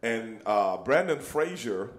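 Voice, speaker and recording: A man's voice: fairly low pitch, big pitch swings, takes it slowly. A man telling a story in casual chat, laughing and acting out the people he quotes. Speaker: show host telling a story.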